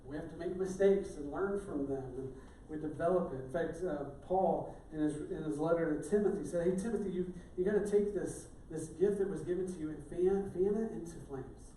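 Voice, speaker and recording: Brisk and barely pausing, a middle-aged male pastor with a warm, somewhat high voice jokes his way through a chatty sermon. He's recorded from a distance in an echoey church sanctuary, with a slight hiss or hum.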